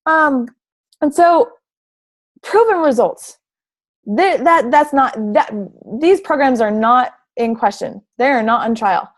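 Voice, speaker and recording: A woman's voice: high voice, expressive, slow pace. A young woman coaching fitness, giving a bubbly, gushing presentation over slides, full of "like" and "oh my gosh".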